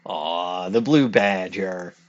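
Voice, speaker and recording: A man's voice: sits low, takes it slowly, dull audio, slight background noise. A man chatting playfully in casual commentary over a game he plays with a friend. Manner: playful, rambling banter. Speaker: let's play commentator.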